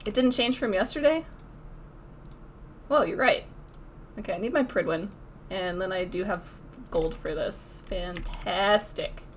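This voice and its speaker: A woman's voice: mid-range voice, a little slow, pauses often, slight background noise. A young woman streaming a video game, swearing and trash-talking as she plays. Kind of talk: live gameplay commentary.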